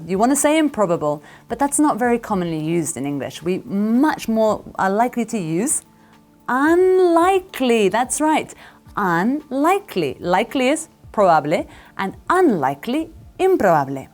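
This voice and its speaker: A woman teaches English to camera at an unhurried pace, her pitch rising and falling a lot as she drills words. She repeats each phrase slowly and praises the listener. Faint music sits underneath. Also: darkish tone.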